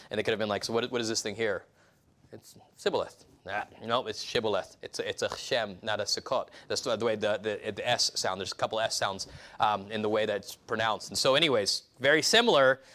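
A man's voice: on the low side, bright, forceful tone. A male pastor giving a casual, rambling sermon with many restarts and asides, acting out quoted voices.

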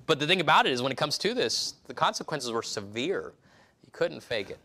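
Guy pastor preaching loose and chatty, bright forward voice, keeps restarting sentences and doing little voices. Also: mid-range voice, big pitch swings, a little fast. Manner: rambling, conversational, many restarts and asides; acts out quoted voices. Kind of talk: casual expository sermon.

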